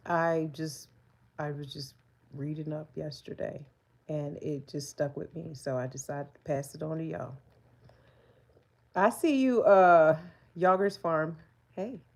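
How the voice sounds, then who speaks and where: A woman, chatting candidly on a live stream and laughing often. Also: fairly low pitch. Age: 40s. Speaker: livestreamer. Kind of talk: casual live-stream chat.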